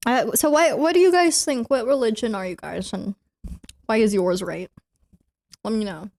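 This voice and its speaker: A woman's voice: a little high, normal speed, gravelly, a little mellow. Giggly young woman streamer. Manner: giggly, rambling, lots of "like". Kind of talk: casual livestream chat.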